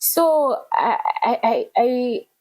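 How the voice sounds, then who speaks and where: A woman, telling her personal story in an emotional, animated way as an interview guest. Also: on the high side, slow, rough recording. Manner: earnest, animated retelling with code-switching.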